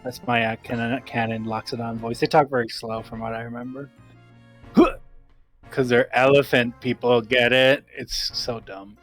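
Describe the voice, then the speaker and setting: A man's voice: mid-range voice, little pitch movement, measured pace, faint music behind. A man chatting and joking casually while playing a game, often giggling.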